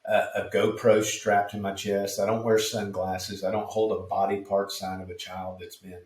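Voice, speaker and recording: A man answering interview questions as a street preacher, telling his stories in a calm, measured way. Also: lowish voice, distant mic. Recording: echoey room, off mic.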